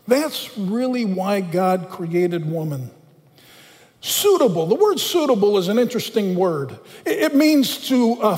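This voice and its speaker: A man preaching a conversational sermon in a church, slowing down to read scripture aloud. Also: sits high, big-room sound. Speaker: pastor.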